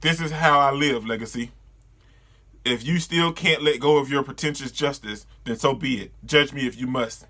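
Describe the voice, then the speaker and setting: A man's voice: medium pitch, normal speed, bright, forceful tone. A man reading the lines of a proud, stern young male deer leader from a manga in a plain read-aloud voice.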